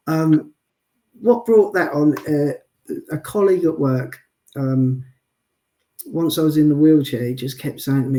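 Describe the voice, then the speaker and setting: A man telling stories as an interview guest, chatty and deadpan, often adding "I'll be honest with you.". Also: a little high, measured pace, long pauses. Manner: self-described sarcastic and deadpan, frequent "I'll be honest with you"; chatty storyteller with many restarts. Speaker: guest, wheelchair athlete. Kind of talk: casual interview chat.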